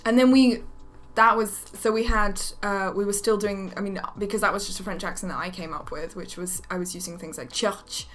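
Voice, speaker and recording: A woman's voice: medium pitch, steady tone, a little fast, hardly any pauses, a bit bright. A woman in her twenties, a voice actress, chatting casually and sheepishly about her old work. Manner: self-deprecating, sheepish. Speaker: voice actress guest. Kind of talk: casual chat.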